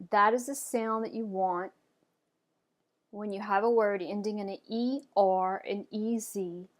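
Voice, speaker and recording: A woman teaching French pronunciation, modelling words clearly and encouraging learners to repeat after her. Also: medium pitch. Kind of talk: pronunciation lesson.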